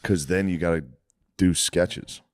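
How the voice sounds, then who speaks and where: A man co-hosting a comedy podcast, talking crude and rambling with a slow drawl. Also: low-pitched, fairly even intonation, dry recording, studio quality. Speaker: podcast co-host. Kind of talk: casual podcast banter.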